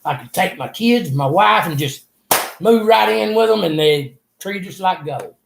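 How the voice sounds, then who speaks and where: A man's voice: sits high, lively intonation, measured pace, creaky, noisy background. An older man, earnestly telling a rambling personal story in an interview. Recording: echoey room.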